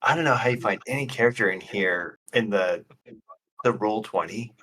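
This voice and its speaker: A talkative male tabletop player with a husky, slightly low voice. He sits back from the microphone, so he sounds somewhat distant. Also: normal speed, fairly bright tone. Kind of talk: casual tabletop play. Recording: voice from far off the mic.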